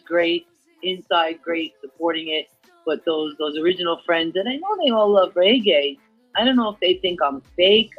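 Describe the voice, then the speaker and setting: A woman guest, a reggae singer, chatting casually in an interview and rambling with frequent "you know" fillers. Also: deep voice. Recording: dull lo-fi audio.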